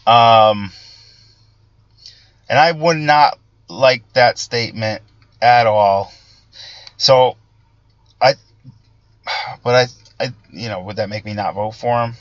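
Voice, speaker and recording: A man hosting a casual political monologue, talking in halting bursts with many restarts and fillers. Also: medium pitch, no echo, lo-fi sound. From Italian-American background. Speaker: political commentary host.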